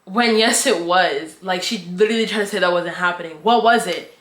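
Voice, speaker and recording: A woman's voice: lowish voice, a little fast, a bit bright, echoey room. A young woman giving a casual, opinionated recap of a reality show, full of slang and filler "like".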